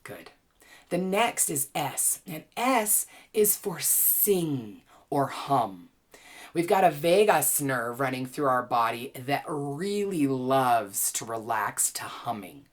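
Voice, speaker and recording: A woman teaching a well-being class, gently and playfully guiding listeners through calming exercises with easy laughs. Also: rumbling low, slow pace. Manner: playful, chatty, laughs easily. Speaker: wellness teacher and author.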